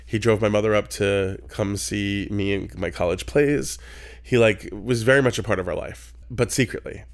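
Man, middle-aged, podcast host, low voice, gravelly, animated storytelling. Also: moderate pace. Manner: animated, acts out quoted voices with big pitch jumps. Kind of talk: storytelling in casual chat.

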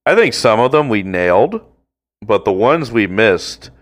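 A man co-hosting a podcast in casual, crude chat, joking around with drawn-out bits. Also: fairly low pitch, very animated. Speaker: podcast co-host. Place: home.

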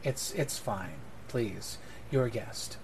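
A man's voice: mid-range voice, slow pace, slight background noise. A man voicing a cheerful, sly female blacksmith mentor, speaking in a breezy, falsely polite way.

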